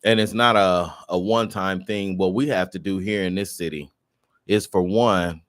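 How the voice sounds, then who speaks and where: Brief: male radio co-host, deep voice, fired-up advocate, dry booth sound. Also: steady tone, normal speed, a bit bright, no room sound. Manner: passionate, fired-up community advocacy. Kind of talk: casual radio talk.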